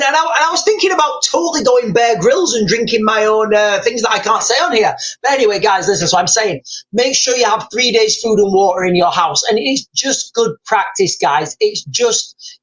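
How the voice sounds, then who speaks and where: A man's voice: high-pitched, animated, normal speed, a bit bright, low-quality recording. A middle-aged man hosting a casual live stream, telling rambling stories and calling his viewers guys, with many restarts.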